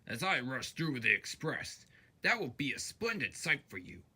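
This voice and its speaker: A big, proud steam engine who boasts loudly and grumbles when things go wrong, as a man puts him on. He speaks a little higher than the reader's own voice, with a lively, husky edge. A storybook engine full of pride and sulking. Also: moderate pace, heavily acted. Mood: boastful. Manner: boastful then sulky grumbling.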